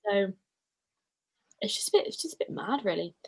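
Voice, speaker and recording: A woman's voice: medium pitch, very animated, moderate pace, slightly rough. A woman co-hosting a casual fan chat, gushing and emotional as she rambles. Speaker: podcast co-host; teacher.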